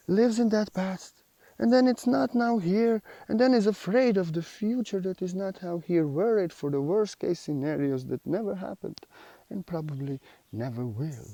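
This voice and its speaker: A man's voice: high voice, lively intonation, a little slow, mellow, dry recording. A man giving a spiritual teaching monologue, earnest and repetitive, with slightly unidiomatic phrasing.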